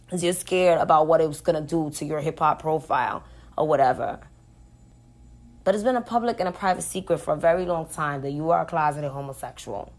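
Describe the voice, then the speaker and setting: A woman's voice: low-pitched, fairly quick. A woman speaking straight to the camera in an unscripted, blunt monologue, swearing freely as she rants. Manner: blunt, profane, ranting. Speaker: vlogger.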